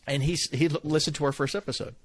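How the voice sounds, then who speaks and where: A man's voice: a little high, fairly even intonation, quick pace. A man in his forties co-hosting a casual podcast, rambling with restarts and laughs. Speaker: podcast co-host.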